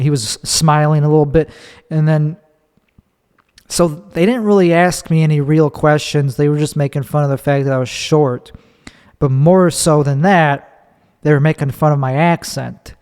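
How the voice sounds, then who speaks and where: A man's voice: fairly high pitch, a little mellow, smooth. A man in his thirties from Chicago, a stand-up comedian hosting his own podcast, telling a story in a rambling, candid way with restarts and swearing. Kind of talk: casual solo storytelling. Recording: long hall reverb.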